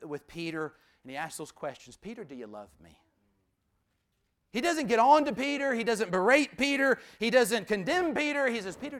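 High-voiced preacher. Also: male voice. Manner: emphatic, repeats key phrases, drops to a hushed voice. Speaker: pastor. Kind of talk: sermon.

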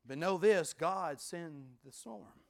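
Man preaching, high voice, rhythmic repeats, swings loud to hushed, pastor at the pulpit. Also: takes it slowly, gravelly. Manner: repetitive, rhythmic emphasis. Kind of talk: sermon.

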